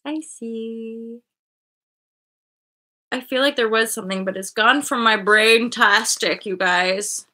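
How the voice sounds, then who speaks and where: A woman hosting a spiritual livestream, chatting casually and rambling with her viewers, often jumping into high excited asides. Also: slow pace, pauses often. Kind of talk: casual chat with live viewers.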